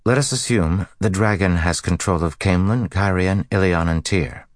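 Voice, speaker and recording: A man voicing a curt, stern female bomb-maker in an audiobook, speaking in a flat, formal, vaguely hostile way. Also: low-pitched, moderate pace, no room sound, clean studio sound, pitched above the performer's own voice, lightly acted. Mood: flat, cold. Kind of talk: audiobook character voice.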